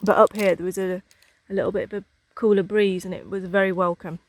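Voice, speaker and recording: A woman's voice: mid-range voice, flat delivery, fast. A woman chatting casually for a travel vlog outdoors, with many hesitations and ums. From England. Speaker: vlogger. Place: outdoors in hills.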